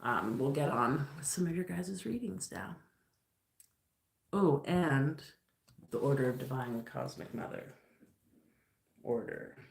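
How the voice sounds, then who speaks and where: A woman's voice: a bass voice, expressive, measured pace, vocal fry, long pauses, roomy sound. A woman doing a casual live card reading, musing aloud with lots of fillers and loose, rambling phrasing. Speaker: tarot reader on a livestream.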